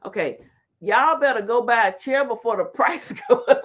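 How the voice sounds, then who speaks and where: A woman's voice: fairly high pitch, moderate pace. A woman hosting a casual livestream, reading the chat aloud and laughing often. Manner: animated, laughs often, talks back to chat. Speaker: talk show host reading live chat.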